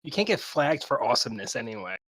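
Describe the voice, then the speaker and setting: A man's voice: medium pitch, very animated, fast talker, crowd noise. A man playing in a tabletop game over voice chat, reading a session recap aloud with joking asides. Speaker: player.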